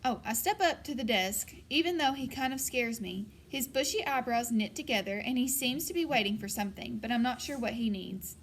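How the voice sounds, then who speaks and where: Woman, first-person audiobook narration, even storytelling, fairly high voice, faint background hiss. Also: fairly quick, few pauses.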